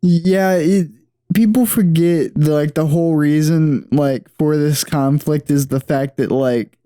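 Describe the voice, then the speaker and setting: A man's voice: a little high, unhurried, warm tone, no echo, clean studio sound. A young man co-hosting a casual movie podcast, rambling through his points. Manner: rambling, lots of fillers and restarts. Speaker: podcast co-host. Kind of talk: casual movie watch-along chat.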